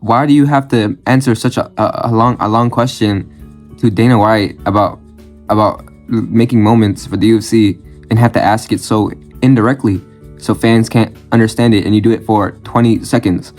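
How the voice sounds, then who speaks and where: A channel host with a fairly low, steady, somewhat dark voice reacts bluntly at a normal speed over soft background music. Ranting and cursing without restraint, he tends to repeat phrases in quick bursts.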